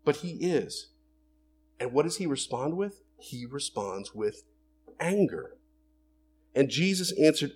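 A man's voice: a little high, expressive, takes it slowly, pauses often, darkish tone, slightly rough. A man preaching a sermon in an earnest way, building to emphatic bursts and acting out the quoted lines. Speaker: pastor.

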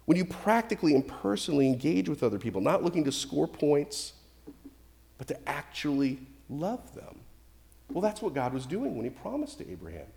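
A middle-aged male pastor preaching a sermon, animated and emphatic, with swings between loud and quiet. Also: fairly high pitch, moderate pace, vocal fry. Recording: long reverb from a hall.

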